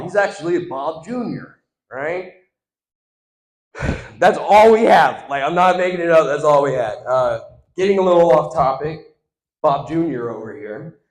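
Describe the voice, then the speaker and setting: A young man doing stand-up, telling an animated story and acting out the other people in it. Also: fairly high pitch. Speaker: stand-up comedian. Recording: echoey room.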